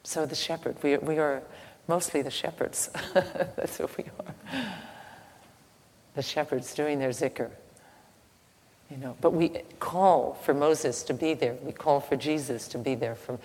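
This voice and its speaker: A woman giving a slow, halting devotional teaching with a story, soft-spoken, recorded in an echoey hall with faint ambient noise. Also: low voice, slightly rough. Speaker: spiritual teacher.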